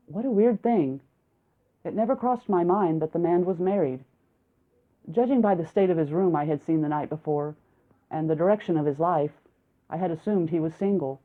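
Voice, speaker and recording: A woman narrating a first-person audiobook in a steady, reflective storytelling manner. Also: fairly low pitch, moderate pace. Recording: narrow, phone-like lo-fi sound.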